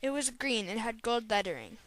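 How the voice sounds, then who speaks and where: A woman reading her own first-person story aloud in a steady storytelling way. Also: on the high side, a little fast, poor audio.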